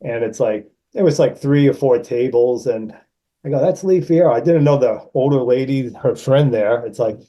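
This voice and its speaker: A man in his sixties from Massachusetts, a guest actor telling animated anecdotes and acting out the people in them. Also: moderate pace, rough recording. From Massachusetts, USA. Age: 60s. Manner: animated anecdotes, raises pitch to act out quoted people. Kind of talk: casual storytelling.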